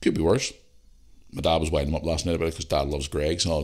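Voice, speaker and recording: A man's voice: very deep voice, fast. A man with a Northern Irish accent hosting a casual solo podcast from his living room, telling stories with plenty of swearing and fillers. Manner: swears freely, animated anecdotes with lots of fillers. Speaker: podcast host.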